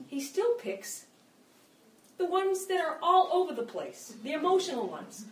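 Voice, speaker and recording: A woman's voice: high voice, sing-song, moderate pace, slight background noise. A middle-aged woman preaching a conversational, impassioned sermon in a church hall, acting out quoted prayers as she goes. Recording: echoey room, mic at a distance.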